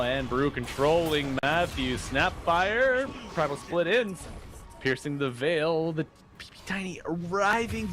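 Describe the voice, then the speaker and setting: A man calling an esports match live, his pitch swinging widely as he reacts to each fight. His mid-range voice rides over a clear music bed playing underneath. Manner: excitable, animated calls. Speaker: play-by-play caster.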